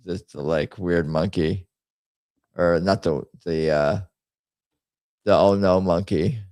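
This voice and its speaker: A man's voice: fairly low pitch, no echo. A man hosting a casual livestream, rambling and muttering to himself as he types up a poll. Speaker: host.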